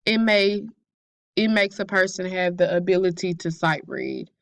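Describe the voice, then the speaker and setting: A woman's voice: lowish voice, lively intonation, a little slow, creaky, no room sound. A young woman student reading her class presentation aloud carefully, with occasional slips.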